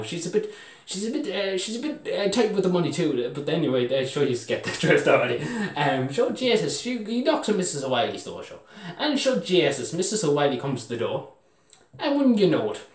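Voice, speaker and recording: A man's voice: on the high side, darkish tone. A young Irish man rambling through a comic story, full of fillers and chuckling at his own jokes. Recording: roomy echo, mic far off.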